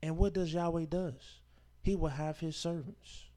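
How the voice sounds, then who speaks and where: A man teaching a scripture class as a sermon, reading verses aloud and explaining them with emphatic, informal preaching that swings from loud declarations to quiet asides. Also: on the high side, steady tone, measured pace. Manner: informal speech with dropped verb endings and rhetorical questions.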